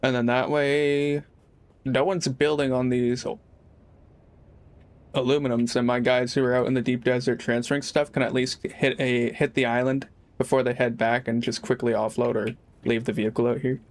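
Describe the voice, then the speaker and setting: A man's voice: medium pitch, little pitch movement, moderate pace. A young man chatting casually while streaming a game, rambling and laid-back, swearing freely. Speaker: live streamer. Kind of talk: casual gaming livestream chat.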